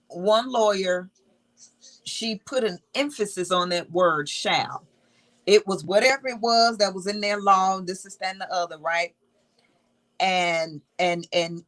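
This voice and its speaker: A woman's voice: mid-range voice, fairly bright tone, poor audio. A woman teaching from the Bible in a casual, emphatic way, reading verses aloud and repeating key words.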